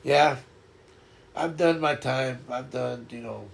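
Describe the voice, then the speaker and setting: An older man hosting a casual livestream chat, talking in a reflective, halting way and often repeating words as he starts over. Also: medium pitch, vocal fry, slight background noise. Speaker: livestream host.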